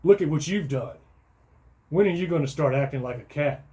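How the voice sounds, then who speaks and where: A man acting out his younger self as an exasperated father yelling and scolding at home. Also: medium pitch, brisk, close to an everyday voice. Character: exasperated shouting father, middle-aged man.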